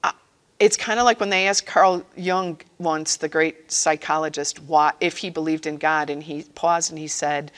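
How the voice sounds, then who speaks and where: A woman's voice: fairly low pitch, moderate pace, fairly bright tone. A woman giving a personal faith-sharing talk to catechists, earnest and conversational, acting out quotes as she goes. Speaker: speaker at a catechist training session.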